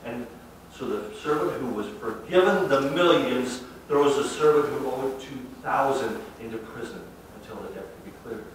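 Echoey preacher, talking casually. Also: male voice, normal speed, recorded from a distance, a little hiss or hum. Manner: conversational and emphatic, with lively swings of pitch and loudness. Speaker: pastor. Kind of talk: sermon. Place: church sanctuary. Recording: very echoey hall from afar.

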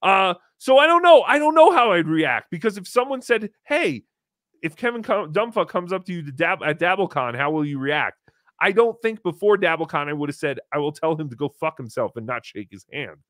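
Male call-in podcast host, fairly high voice, dry close mic, wry and rambling with casual swearing. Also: big pitch swings, brisk, fairly bright tone, dry recording. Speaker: podcast host taking calls.

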